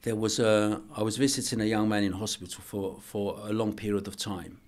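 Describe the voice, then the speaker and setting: A middle-aged man, a guest on a podcast interview, telling a personal story in an earnest, halting way with many restarts. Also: lowish voice, level tone, darkish tone. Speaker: archbishop and boxing coach, guest.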